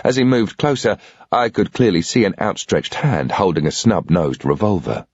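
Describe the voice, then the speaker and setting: A man's voice: low voice, lively intonation, moderate pace, darkish tone, husky, no room sound. A man reading a first-person thriller audiobook in a tense, matter-of-fact way. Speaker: audiobook reader. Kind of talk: scripted audiobook narration of a thriller. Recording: dry, dull lo-fi audio.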